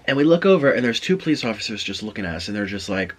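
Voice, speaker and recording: A man's voice: lowish voice, sing-song, racing, slightly rough. A man vlogging, telling a chatty story in a casual way between bites of food. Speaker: mukbang vlogger. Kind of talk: casual storytelling while eating.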